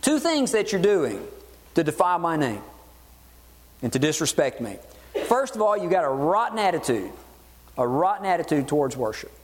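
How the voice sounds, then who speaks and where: A man preaching a sermon, animated and acting out voices in the dialogue he quotes. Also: fairly high pitch, fairly quick, pauses often, big-room sound, slight background noise. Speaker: pastor.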